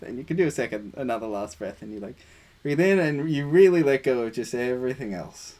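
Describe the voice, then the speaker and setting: A man leading a group meditation discussion, talking in a relaxed, casual way with playful asides. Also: mid-range voice, quick pace, hardly any pauses.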